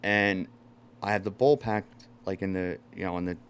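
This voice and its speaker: A man tells a long story in a loose, casual chat. He swears freely and jumps up loudly when he acts out what people said to him. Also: low-pitched, moderate pace, clear, resonant tone. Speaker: podcast host.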